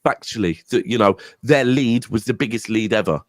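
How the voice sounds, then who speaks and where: A man's voice: fairly low pitch, normal speed, no room sound. Chatty man, dry close sound. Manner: chatty, tells stories with mock dialogue. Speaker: panelist. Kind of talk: casual football chat.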